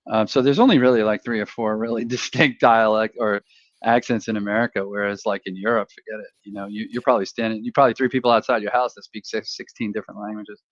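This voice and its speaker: A man's voice: on the low side, fairly even intonation, no echo, highs cut off. A man hosting a podcast interview, talking casually and joking around. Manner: casual, joking, quick to laugh. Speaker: podcast host.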